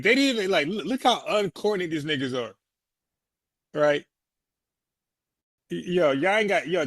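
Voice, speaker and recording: A man's voice: on the high side, fairly bright tone, no room sound. A man, giving blunt, scornful commentary on a video and laughing often. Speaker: commentator reacting to a protest video. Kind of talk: casual mocking commentary.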